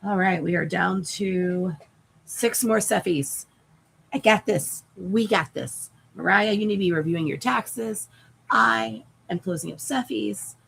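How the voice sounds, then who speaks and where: A woman's voice: mid-range voice, measured pace, gravelly, fairly bright tone, slight background noise, poor audio. A woman chatting casually on a live stream while sewing, rambling and swearing lightly, her voice cracking and giving out. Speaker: crafting livestreamer.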